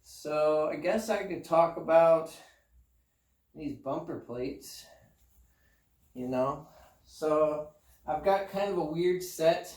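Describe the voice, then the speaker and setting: A man's voice: a little high, slow, pauses often, darkish tone, far from the mic. A man rambling casually and self-deprecatingly about his apartment home gym. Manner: laid-back, meandering, self-deprecating. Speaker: fitness vlogger. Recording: roomy sound, voice off-mic.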